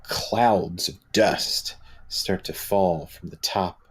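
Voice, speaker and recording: Slow, deep-voiced man running a tabletop game. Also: fairly even intonation, a bit bright, breathy edge. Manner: unhurried, descriptive, halting with fillers. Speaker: dungeon master.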